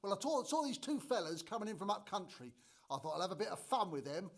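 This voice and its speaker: A man's voice: high-pitched, sing-song, quick pace, heavily acted. An actor in a church drama sketch playing a chatty, proud middle-aged trader and father, who tells the story with wry asides.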